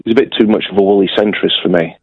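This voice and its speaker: A man's voice: fairly low pitch, rapid-fire, breathy edge, no room sound. Wry male caller on a muffled line. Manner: wry, deadpan joking. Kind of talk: casual phone-in chat. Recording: dull phone-line sound.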